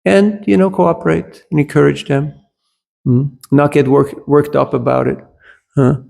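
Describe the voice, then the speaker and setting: Gravelly-voiced man giving a scripture class. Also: on the high side, steady tone, unhurried, mellow. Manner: conversational, checks in with listeners with "huh?"; switches briefly into German. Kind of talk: lecture on scripture with anecdotes.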